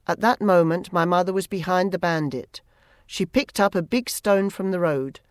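An audiobook narrator reading a first-person story in a measured, plain manner. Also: medium pitch, no echo, clean studio sound.

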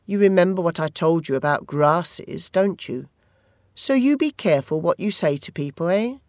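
A reader voicing a taunting, menacing teenage boy bully in a storybook reading, with slow, sneering threats. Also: mid-range voice, expressive, close to an everyday voice.

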